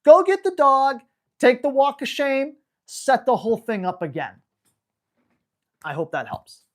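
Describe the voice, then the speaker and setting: A woman's voice: sits high, big pitch swings. Blunt, slangy woman dog trainer. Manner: brisk, slangy and blunt, acting out sharp corrections to a dog. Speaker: dog trainer answering viewer questions. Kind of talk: live Q&A, casual coaching.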